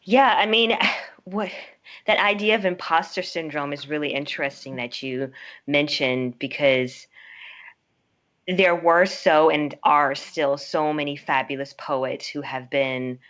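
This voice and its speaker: American woman, low voice, effusive and laughing; dull lo-fi video call. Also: a little slow, a bit bright. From United States. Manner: enthusiastic, laughs often, says like a lot. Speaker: poet and guest. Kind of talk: casual online conversation. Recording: dull lo-fi online stream.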